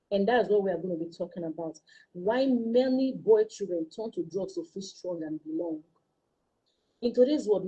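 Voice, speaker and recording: A woman speaks with passion and a preaching tone, putting question after question to her listeners. Her voice is mellow and dark, with a strongly husky, breathy grain. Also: mid-range voice, low-quality recording. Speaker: host. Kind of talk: motivational talk.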